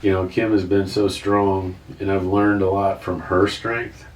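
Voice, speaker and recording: A man in his fifties with a very low voice tells his story earnestly, circling back and restarting his thoughts. He sounds set back from the mic in a roomy space with a faint hiss behind him. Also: level tone, unhurried, distant mic. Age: 50s. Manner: earnest, rambling, restarts sentences. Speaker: guest. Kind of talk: emotional personal story.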